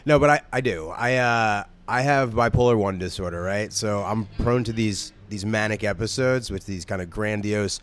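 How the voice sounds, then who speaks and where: A man's voice: fairly low pitch, normal speed, hardly any pauses. A man who is a comedian, guesting on a podcast and talking candidly in a laid-back, jokey way. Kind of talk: casual interview chat.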